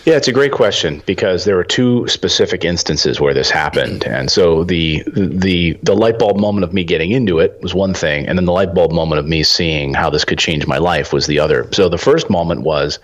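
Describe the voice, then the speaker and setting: A man in his forties telling a story as a podcast guest, animated and acting out the dialogue. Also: low voice, moderate pace, few pauses. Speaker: podcast guest, real estate investor. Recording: dull lo-fi audio.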